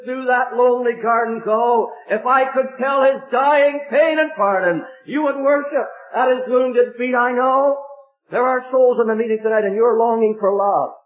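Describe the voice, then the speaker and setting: An older man delivers a fervent, pleading evangelistic sermon in a somewhat high voice. His pitch swings widely for emphasis as he preaches. The recording is dull and lo-fi.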